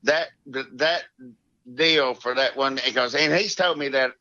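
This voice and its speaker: A middle-aged man with a thick Alabama drawl, his voice very bright and sharp-edged, telling rambling country stories with plenty of cussing. The sound is dry and a little dull and lo-fi. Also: medium pitch, unhurried, no room sound. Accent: Alabama Southern. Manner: rambling, salty country storytelling with frequent laughs. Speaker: guest, golf professional. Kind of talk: casual podcast storytelling.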